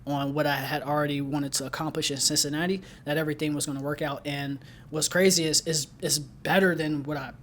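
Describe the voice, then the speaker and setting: A man's voice: fairly high pitch, steady tone, fairly quick, few pauses, slight background noise. A young man from Ohio co-hosting a podcast, telling stories with an upbeat, laughing manner and frequent restarts. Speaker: podcast co-host. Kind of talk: casual chat.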